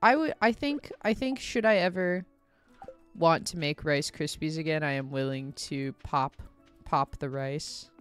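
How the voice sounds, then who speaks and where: A woman's voice: deep voice, measured pace, clean tone, soft background music. A young woman from the American South, streaming a game and rambling casually with lots of fillers and self-mocking asides. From Southern United States. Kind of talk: casual chat while gaming.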